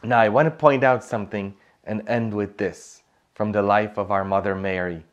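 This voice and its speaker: A man's voice: lowish voice, fairly even intonation, moderate pace, highs cut off. A man preaching a sermon as a priest, telling stories with emphasis and humor. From Poland.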